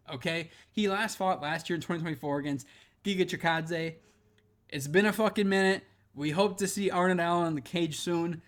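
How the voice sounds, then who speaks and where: A young man giving brash, profane opinions on fighters in a casual chat, his voice swinging between loud bursts and quiet asides. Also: a little high. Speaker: MMA commentator.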